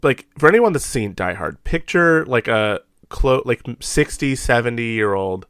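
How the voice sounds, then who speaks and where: A man in easy movie chat who stumbles into his sentences, repeating a word before he finds the thought. His tone is bright and forceful at an everyday pitch. The recording is dry and close. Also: animated, unhurried, smooth, dry recording. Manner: chatty, repeats words as he starts sentences. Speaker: podcast co-host.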